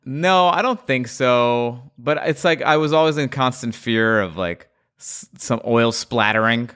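A man's voice: medium pitch, a little slow, fairly bright tone, clear, resonant tone. A young man from Long Island with a Long Island accent, hosting a casual podcast and riffing with jokes and swearing. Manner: joking, profane, riffing. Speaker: podcast host.

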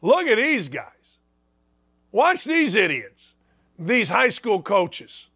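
Brief: male sports-radio host in his sixties, high pitched, bright, ranting and mocking, repeats himself. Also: sing-song, slow, long pauses, breathy edge. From northwest Indiana. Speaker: sports talk show host. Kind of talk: opinionated sports talk monologue.

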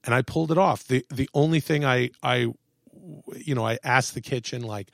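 A man in a casual podcast chat, telling animated stories, swearing freely and acting out what people said. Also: medium pitch, fairly quick, creaky, no echo, clean studio sound. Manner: animated storyteller, swears, acts out quotes. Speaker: podcast guest, actor and comedian. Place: podcast studio.

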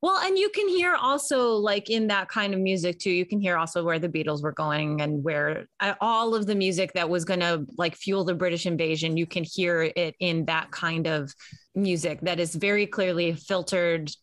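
A woman's voice: lowish voice, moderate pace, a bit bright, no room sound. Chatty woman, dry sound. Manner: chatty, playful, thinks aloud with many fillers. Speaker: podcast co-host. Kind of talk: casual music chat.

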